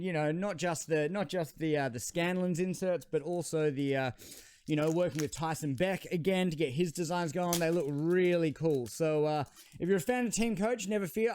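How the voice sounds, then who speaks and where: An Australian man chatting his way through a card unboxing, rambling and joking at his own expense. His voice sits a bit high and sounds smooth and resonant, and the recording is close and dry with no room echo. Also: normal speed, a little mellow. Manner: chatty, rambling, self-deprecating. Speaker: trading card channel host. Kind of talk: casual unboxing commentary.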